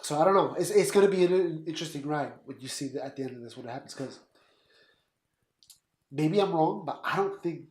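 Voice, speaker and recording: Man, Puerto Rican roots, opinionated podcast co-host, a touch high, echoey room. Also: a little fast, a little mellow. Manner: blunt, opinionated, talks in quoted asides. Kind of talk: casual political chat.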